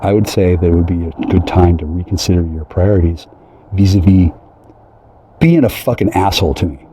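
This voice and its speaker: A man talking straight to his listeners in a profane, agitated, rambling rant that jumps from one idea to the next and mocks other people in high voices. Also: brisk, mellow, slightly rough, rough recording. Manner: profane, agitated, conspiratorial, jumps between ideas; mocking quoted voices in a high pitch.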